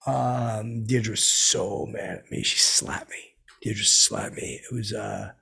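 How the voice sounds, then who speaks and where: Gravelly, raspy man rambling on. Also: fairly low pitch, steady tone, slow, bright, forceful tone. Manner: rambling, boastful, stammering. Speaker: comedic character host telling stories. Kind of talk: rambling comedic monologue.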